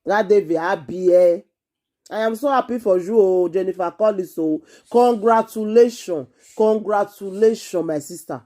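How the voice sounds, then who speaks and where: A woman with a Nigerian accent, hosting an excited monologue to camera in an emphatic, repetitive, exclaiming way. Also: mid-range voice, moderate pace. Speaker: vlogger host.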